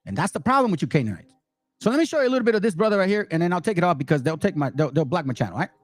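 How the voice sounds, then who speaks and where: A man from Peru giving casual reaction commentary, animated and talking straight to his viewers. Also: high voice, rapid-fire, over music. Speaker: channel host.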